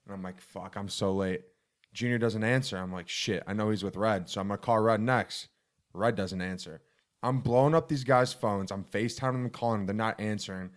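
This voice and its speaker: A man's voice: on the low side, a little fast. A young man joking and swearing while telling a story to friends. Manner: jokey, swears, chimes in. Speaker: podcast co-host. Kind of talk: casual storytelling among friends.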